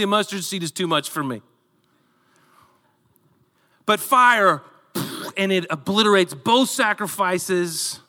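Male pastor, sermon delivery, animated storyteller, bright tone, church hall reverb. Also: sits high. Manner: animated storytelling, acts out voices.

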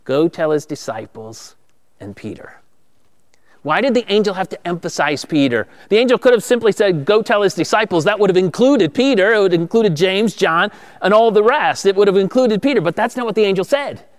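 A man's voice: sits high, expressive, fairly quick. A man preaching an Easter sermon as pastor to viewers at home, emphatic and rising when he quotes.

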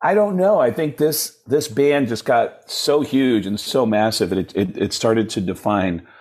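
Man, comedian guest, husky mid-pitch voice, lively storyteller who acts out voices. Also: a little slow. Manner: acts out voices in quoted dialogue, jumping high and low. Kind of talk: animated storytelling with impressions.

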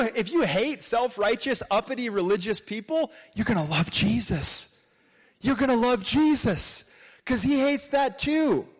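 Male pastor preaching, voice jumps all over, goes loud then quiet, kinda high. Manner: animated preaching, voice swinging between loud emphasis and quiet asides. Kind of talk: sermon.

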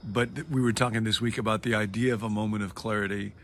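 A man's voice: fairly low pitch, steady tone, fast talker, fairly bright tone, slight background noise. A man hosting a casual conversation who prompts his friend to tell stories and reflects on shared memories. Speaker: host, interviewer.

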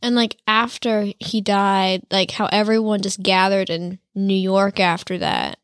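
A woman co-hosting a casual podcast chat, softly spoken and heavy on filler words. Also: mid-range voice, measured pace, dry recording, clean studio sound. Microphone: studio mic with headphones.

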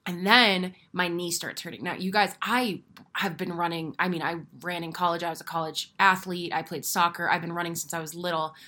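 Young woman podcast host, lowish voice, chatty and candid, swears casually. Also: brisk. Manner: candid, animated storytelling with casual swearing and frequent laughs. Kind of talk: casual solo podcast monologue.

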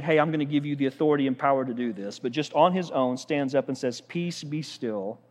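A man preaching a sermon as a pastor, animated and conversational, often asking the congregation questions. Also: a little high, in a large hall.

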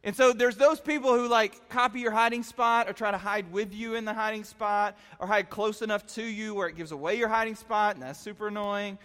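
A man preaching to young people, telling stories in a chatty, excitable way full of filler words. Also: high-pitched. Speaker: youth pastor. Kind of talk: animated youth sermon storytelling. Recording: long reverb in a hall.

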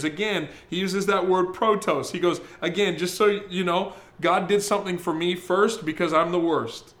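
A pastor preaching a sermon, talking to the congregation in a conversational, emphatic way. His voice sits fairly high for a man. He slows down when he reads scripture. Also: fairly bright tone, slight background noise. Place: church service, streamed.

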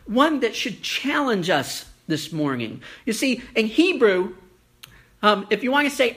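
Folksy preacher with a bright voice. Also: medium pitch, big pitch swings. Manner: folksy storytelling with many fillers; slows down for emphasis. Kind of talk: sermon.

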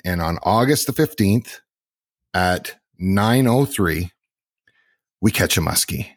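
A man's voice: sits low, no room sound, studio quality. A man in his forties, hosting a podcast, talking casually and unhurriedly, repeating words as he builds a story. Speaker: podcast host and lodge owner. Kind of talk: casual conversation.

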